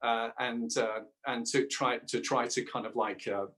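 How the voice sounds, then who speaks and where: A middle-aged man, a dialect coach and voice actor, chatting lively as a guest. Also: mid-range voice, measured pace. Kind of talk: casual conversation.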